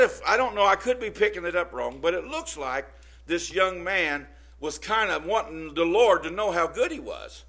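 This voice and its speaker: A man preaching a casual, down-to-earth sermon. His voice is bright and forceful, and he keeps pausing to check in with his listeners. He talks his way through the text rather than reading a script. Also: on the high side, slightly rough. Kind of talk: informal sermon.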